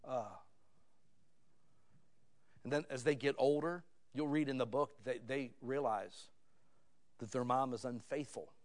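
A man in his fifties preaching a sermon, talking with his listeners in a storytelling way that swings from hushed asides to loud, excited moments. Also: medium pitch, unhurried, pauses often. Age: 50s. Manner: conversational, addresses listeners as "guys". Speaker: pastor.

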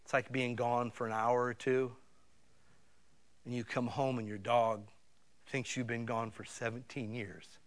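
A man's voice: medium pitch, flat delivery, a little slow, long pauses. A man preaching a sermon in a folksy, conversational way, talking directly to his listeners with emphatic swells. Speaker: pastor.

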